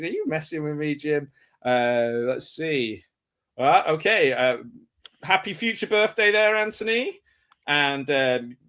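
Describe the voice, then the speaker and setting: A man's voice: a little high, fairly bright tone. Chatty, rambling man hosting a stream. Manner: chatty, rambling, laughs often. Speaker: stream host. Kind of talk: casual watch-party chat.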